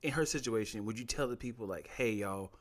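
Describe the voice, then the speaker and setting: Relaxed man asking questions on a podcast. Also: mid-range voice, fast. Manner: relaxed, asks questions, slangy. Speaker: podcast co-host. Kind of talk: casual chat.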